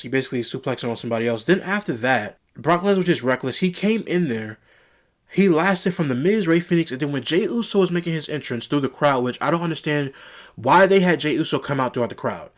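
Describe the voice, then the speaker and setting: Annoyed young guy rambling through a wrestling recap, keeps repeating himself. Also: medium pitch. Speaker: wrestling show reviewer. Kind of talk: solo review rant.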